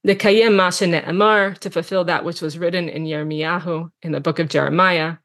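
A woman's voice: lowish voice, fairly even intonation, moderate pace, a bit bright. A woman teaching a text study lesson, reading passages aloud and translating them line by line, then musing on them with fillers.

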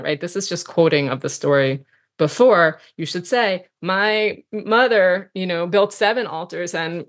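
A woman's voice: on the low side, a bit bright. A woman teaching a text study lesson, reading passages aloud and translating them line by line, then musing on them with fillers.

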